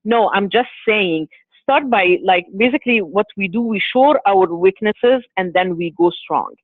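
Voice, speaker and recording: A woman's voice: mid-range voice, animated, unhurried, no room sound. A woman speaking as a guest on a webinar, giving earnest advice and often repeating phrases as she thinks aloud. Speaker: guest speaker on workplace bias. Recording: tinny phone-like call audio, dry.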